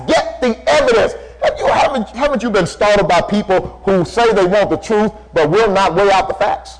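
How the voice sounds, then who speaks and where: A male preacher with a strikingly high-pitched voice delivers a sermon. He hammers home key phrases through repetition and slows down, dropping lower, when he quotes scripture. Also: rough recording. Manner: emphatic, repeating key phrases.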